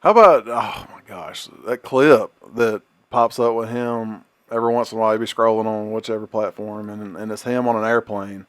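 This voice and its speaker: A man's voice: on the low side, steady tone, normal speed, hardly any pauses, no room sound. A man co-hosting a podcast, chatting casually and animatedly retelling a comedy sketch through laughter. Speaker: podcast co-host. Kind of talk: casual chat.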